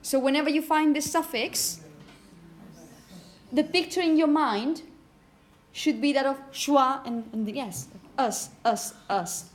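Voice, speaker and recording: A woman teaching phonetics to a class, saying example words slowly and often asking "okay?". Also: high-pitched. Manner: repeats words slowly to model pronunciation; asks "okay?" often to check understanding. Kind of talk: classroom lecture.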